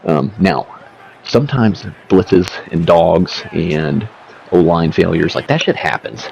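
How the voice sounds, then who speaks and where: A gaming creator seated at home talks slowly over his play, his low, darkish voice showing lively intonation and vocal fry. He rambles in laid-back slang and swears freely. There's slight background noise, and the lo-fi mic sounds a bit dull.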